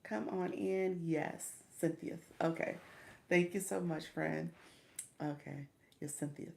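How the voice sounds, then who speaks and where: A woman's voice: sits low, steady tone, takes it slowly, creaky. A middle-aged woman hosting a casual livestream, coaching viewers, chatting and greeting them by name, often stumbling over how to say their names. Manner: encouraging, coaching tone with repeated "okay?".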